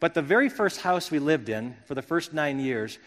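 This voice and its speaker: In a large-sounding hall with lingering reverb, a middle-aged Wisconsin pastor gives a sermon at a moderate pace with lively intonation. He is sincere and reflective, often circling back to begin a phrase again, and his voice is somewhat high for a man and a bit bright.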